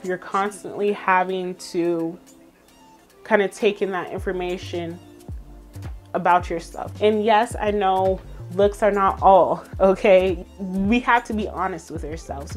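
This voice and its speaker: A young woman, talking straight to her viewers in a casual motivational vlog, sassy and emphatic, laughing often. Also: mid-range voice. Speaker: vlogger.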